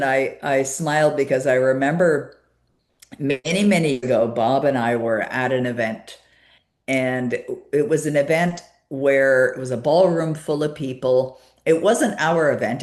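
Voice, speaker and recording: A woman guest in an interview, telling a personal story with many fillers and a lively retelling of conversations. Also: very deep voice, echoey room.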